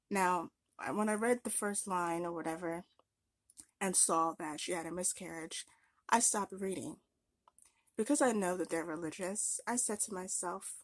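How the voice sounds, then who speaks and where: Young woman, vlog rant, sarcastic, exasperated, husky, low voice, dry sound. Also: dry recording. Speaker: vlogger. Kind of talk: ranting commentary vlog.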